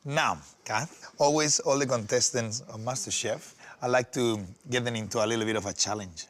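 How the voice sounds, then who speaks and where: A man's voice: medium pitch, normal speed. A man hosting a cooking segment on TV, chatting playfully with a guest and laughing often. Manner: teasing, laughs often, animated. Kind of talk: playful on-air chat while cooking.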